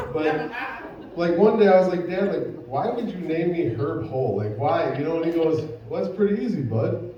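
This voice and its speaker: A man's voice: fairly high pitch, very echoey, recorded from a distance, dull audio, background noise. A man doing a stand-up comedy set, telling a rambling story full of fillers and crude punchlines. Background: audience laughter.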